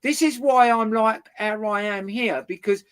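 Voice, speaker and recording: Speaking at a measured pace with medium pitch, a guest in casual conversation recounts a lengthy dispute with a neighbour. His telling is loud, lively and animated, peppered constantly with swearing.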